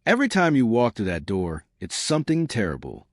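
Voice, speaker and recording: A man's voice: medium pitch, wildly swooping pitch, brisk, dry recording, clean studio sound. A man voicing a grumpy office boss who complains in exasperation. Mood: exasperated.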